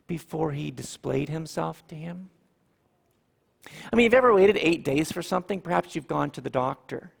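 A man preaching a sermon, animated, with dramatic pauses and repeated phrases. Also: on the high side, creaky, in a large hall. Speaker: pastor.

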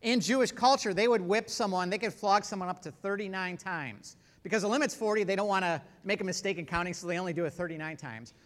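A man preaching a sermon in an emphatic, animated way, with big swings in volume. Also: sits high, quick pace, hardly any pauses, big-room sound.

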